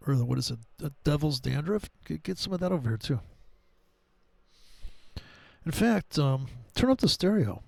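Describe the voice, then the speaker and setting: Brief: middle-aged man, foul-mouthed trading rant, slightly high voice, dry close recording. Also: very animated, normal speed, creaky, long pauses, darkish tone, dry recording. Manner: profane, wisecracking, digressive. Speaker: trading commentator. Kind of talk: casual rambling chart commentary.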